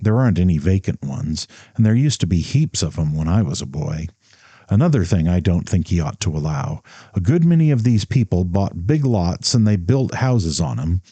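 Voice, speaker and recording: A man's voice: sits low, very animated, normal speed, warm tone, slightly rough, dry recording, exaggerated voice. A man voicing a proud, blunt young man who lectures haughtily in an audiobook. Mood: lecturing.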